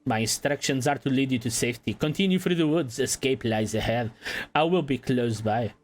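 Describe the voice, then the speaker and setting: A man's voice: medium pitch, a little fast, close to an everyday voice. A man voicing an old male rat guide with a put-on French accent, in a theatrical, raised voice. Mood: earnest.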